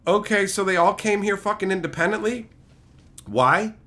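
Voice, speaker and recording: Young male streamer, bright and lively, with mocking, profane rant commentary. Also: high-pitched, normal speed. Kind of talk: ranting commentary.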